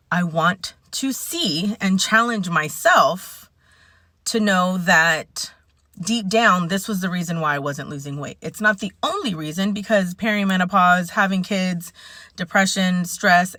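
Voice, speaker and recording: Chatty woman vlogging, bright and dry. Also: on the low side, no room sound. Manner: chatty, rambling and candid. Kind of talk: casual vlog rant.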